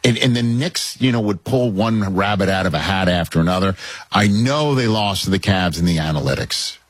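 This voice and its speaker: Husky-voiced man hosting casual sports talk. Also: deep voice, moderate pace, no room sound. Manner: animated, many restarts and repetitions. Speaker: sports show host.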